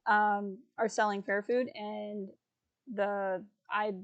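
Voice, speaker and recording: A woman's voice: medium pitch, little pitch movement, slow pace, clean tone, dry recording, highs cut off. A woman streaming a video game, chatting casually and with amusement as she plays. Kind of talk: casual gameplay commentary. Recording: game music behind voice.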